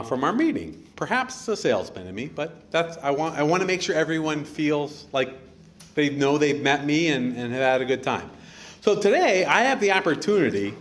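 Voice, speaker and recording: At an outdoor wedding reception, the middle-aged father of the bride gives a lively, joking speech and teaches the guests a Greek greeting. His male voice is fairly high, with a slight hiss or hum in the recording.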